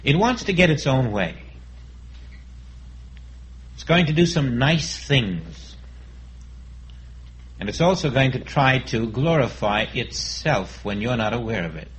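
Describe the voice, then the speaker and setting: A man giving a sermon as a spiritual teacher, speaking in a calm, reflective way and acting out inner dialogues. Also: mid-range voice, a little slow, pauses often, low-quality recording.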